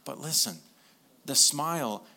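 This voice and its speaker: Bright-voiced man preaching a conversational sermon. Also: mid-range voice, a little slow, vocal fry. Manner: conversational, animated storytelling, dropping soft for emphasis. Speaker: pastor.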